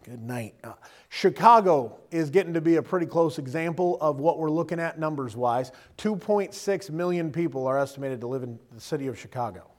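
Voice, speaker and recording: A man's voice: a little high, lively intonation, brisk. A middle-aged man preaching a sermon in a conversational, humorous way, often checking in with the listeners. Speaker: pastor.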